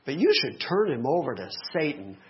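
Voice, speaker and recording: A middle-aged male pastor preaching a sermon, animated, with joking asides to the congregation. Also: mid-range voice, fairly quick, slight background noise. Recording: dull lo-fi recording.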